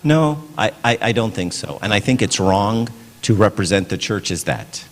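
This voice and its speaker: A man's voice: lowish voice, very animated, normal speed. A middle-aged man giving a casual parenting talk at church, conversational, often asking "right?". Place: church hall. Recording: long hall reverb.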